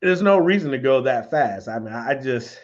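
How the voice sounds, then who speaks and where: A man co-hosts a casual chat show in a relaxed, rambling way, full of fillers. His voice sits in a middle range. The sound is a little dull and lo-fi. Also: medium pitch, moderate pace. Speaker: co-host.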